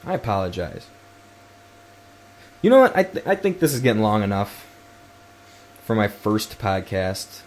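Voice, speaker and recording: A man's voice: lowish voice, very animated, a little slow, long pauses. A man hosting his first solo podcast, telling a rambling story full of swearing and restarts. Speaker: podcast host.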